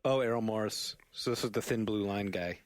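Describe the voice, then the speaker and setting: A man co-hosting a podcast in casual chat, mostly giving short, quick, agreeing replies. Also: lowish voice, dry recording, studio quality. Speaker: podcast co-host.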